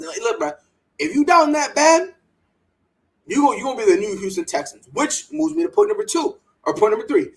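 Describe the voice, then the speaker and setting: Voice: medium pitch, sing-song, fairly quick, poor audio. A sports podcast host giving opinionated takes in a fired-up, emphatic way, often repeating words and mocking others in put-on quoted voices.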